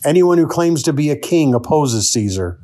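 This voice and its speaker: An angry crowd of leaders pressing their demand, raised and insistent, as a man reading scripture puts them on. The voice climbs higher and louder than plain reading. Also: lively intonation, normal speed, close to an everyday voice.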